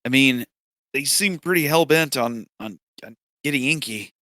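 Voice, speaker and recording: A man's voice: mid-range voice, normal speed, sharp tone, dry recording, studio quality, lightly acted. A man speaking as his tabletop game character, an injured young male hero who is hesitant and worried.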